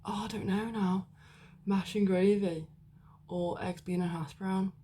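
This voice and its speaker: A woman's voice: mid-range voice, fairly even intonation, unhurried, dark tone, breathy edge. A young woman chatting casually to camera in a vlog, rambling with lots of fillers. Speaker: vlogger. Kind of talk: casual chat.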